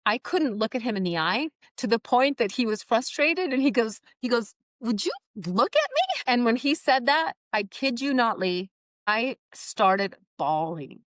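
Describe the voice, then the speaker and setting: A woman's voice: fairly high pitch, expressive, measured pace, fairly bright tone, no echo. A middle-aged woman, the guest, telling stories animatedly in an interview and acting out the voices she quotes. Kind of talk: podcast interview storytelling.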